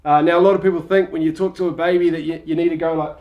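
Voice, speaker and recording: Man, dad, mock-instructional, fairly high voice, echoey dull home recording. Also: level tone, rapid-fire. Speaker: father. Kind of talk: joking home video.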